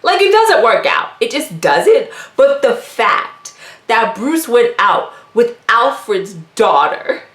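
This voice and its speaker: A woman's voice: on the high side, big pitch swings, slow pace, fairly bright tone, echoey room. A woman hosting a casual comics history vlog, chatty and giggly, full of asides. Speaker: YouTube comics history host.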